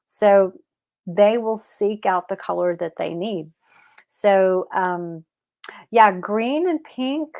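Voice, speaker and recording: A chatty woman hosts a live question-and-answer show in a loose, rambling way, stopping to correct herself mid-sentence. Her voice sits at a middle pitch for a woman. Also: slow pace, a little mellow. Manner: rises into high baby talk with her cat. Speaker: host of a cat health show. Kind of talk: casual live Q&A chat.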